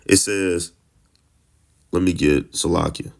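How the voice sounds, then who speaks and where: A man's voice: deep voice, steady tone, slow, vocal fry. A man giving informal Bible teaching, blunt and heated, stammering through restarts and tagging nearly every phrase with 'man'. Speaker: scripture teacher.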